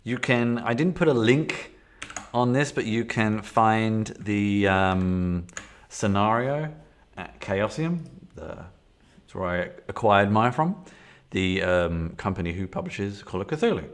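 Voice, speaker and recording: Guy with a lowish voice rambling through a solo game stream, lots of ums and restarts. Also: animated, slow pace. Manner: rambling, with frequent fillers and restarts. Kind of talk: casual live-stream chat, thinking aloud. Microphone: desktop setup with camera.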